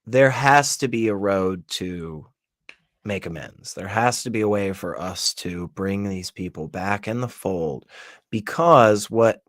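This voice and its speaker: A man in casual livestream chat, measured and deliberate, reasoning his points aloud. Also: fairly low pitch, no echo, studio quality. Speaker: livestream guest.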